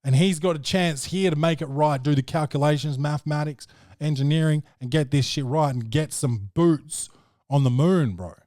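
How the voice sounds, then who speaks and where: A man's voice: a little high, moderate pace, a little mellow, no echo, studio quality. Brash, joking man recapping a film. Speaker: podcast host. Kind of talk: casual film review chat.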